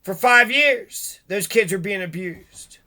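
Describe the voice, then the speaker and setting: Brief: agitated middle-aged male vlogger, swearing and firing off questions, high-pitched. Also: takes it slowly, bright, forceful tone. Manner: profane, agitated, rhetorical questions. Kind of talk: angry ranting monologue.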